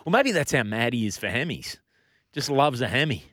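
A man's voice: medium pitch, sing-song, a little fast, fairly bright tone, no echo, studio quality. An Australian man co-hosting a casual sports podcast, joking and bantering playfully. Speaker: podcast co-host.

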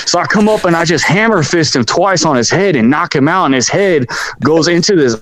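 Lively raised-pitch storytelling guy. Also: brisk. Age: 40s. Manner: animated, profane, keeps saying "bro". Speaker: podcast guest. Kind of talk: casual storytelling.

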